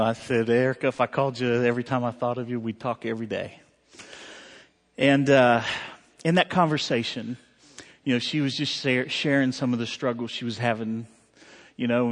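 Heartfelt pastor in reverberant hall. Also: male voice, medium pitch. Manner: conversational, heartfelt, many fillers and restarts. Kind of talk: sermon storytelling.

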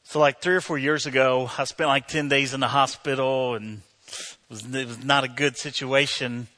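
A man's voice: mid-range voice, fairly even intonation, normal speed, sharp tone. A middle-aged male pastor giving a sermon, telling a personal story in a conversational way with many fillers before building to emphatic preaching.

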